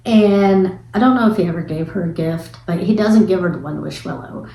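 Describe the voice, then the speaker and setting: A woman giving a casual spoiler review of a film, retelling scenes in an animated, chatty way with some casual swearing. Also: medium pitch, fast, few pauses. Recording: echoey room.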